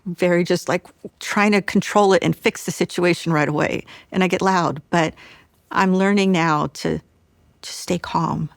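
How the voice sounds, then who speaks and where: A mother speaks candidly and reflectively about parenting. Her voice sits a little low, and the recording is dry and close. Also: steady tone, unhurried, gravelly, no echo. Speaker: parent, former preschool teacher. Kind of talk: personal account in an interview.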